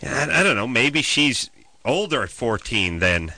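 A man's voice: mid-range voice, very animated, measured pace, pushed and bright, dry recording. A middle-aged man telling a story in casual comedic chat, ranting and sardonic.

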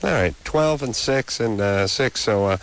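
A man's voice: mid-range voice, expressive, unhurried, clear, resonant tone. A man hosting a call-in radio show, talking bluntly with sarcastic jokes. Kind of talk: casual call-in banter.

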